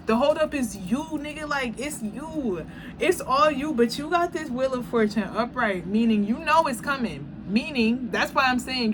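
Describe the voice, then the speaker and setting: A woman giving a casual tarot reading, talking bluntly and profanely, animated and laughing often. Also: on the high side. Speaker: tarot reader. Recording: background noise.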